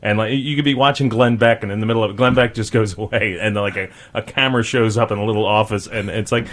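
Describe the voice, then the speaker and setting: A man's voice: on the low side, fairly even intonation, quick pace, few pauses, a bit bright. A man hosting a call-in radio talk show, chatting casually and joking with guests, mocking others in raised voices.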